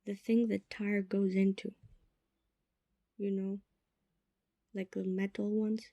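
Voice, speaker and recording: Slow, mellow-voiced young woman podcasting. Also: medium pitch, little pitch movement, no echo. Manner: chatty and self-mocking, drops to whispered asides. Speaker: podcast host. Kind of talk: casual solo podcast chat.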